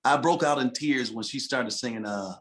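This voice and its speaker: A man's voice: medium pitch, normal speed. A man from Detroit, a gospel singer and pastor, telling stories in a casual podcast chat and saying "man" a lot. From Detroit, USA. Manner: animated storyteller, peppers speech with "man". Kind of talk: casual conversation.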